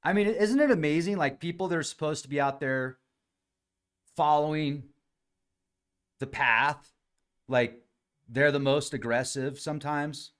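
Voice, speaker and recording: A man's voice: fairly high pitch, unhurried, long pauses, a bit bright. A man hosting a podcast livestream, chatting casually, reading viewer comments aloud and addressing people by name. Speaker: podcast host reading live chat comments.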